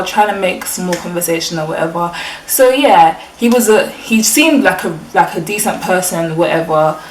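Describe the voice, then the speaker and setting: A young woman with a London accent telling a storytime vlog in a casual, slangy, animated way. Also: mid-range voice, moderate pace, slight background noise. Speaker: vlogger. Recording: echoey room, mic at a distance.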